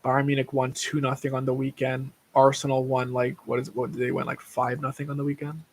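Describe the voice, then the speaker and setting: A man's voice: medium pitch, monotone, brisk. A young man talks casually on his own livestream. He rambles and wanders off on tangents, swears easily, and keeps an everyday mid-range voice throughout. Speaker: livestream host.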